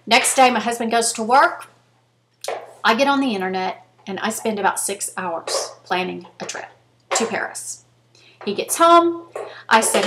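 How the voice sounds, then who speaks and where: A woman's voice: on the high side, expressive, a little slow, long pauses, noisy background. A woman in her fifties, chatting earnestly to her viewers and telling a story straight to camera. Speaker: vlogger. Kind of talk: casual chat to camera.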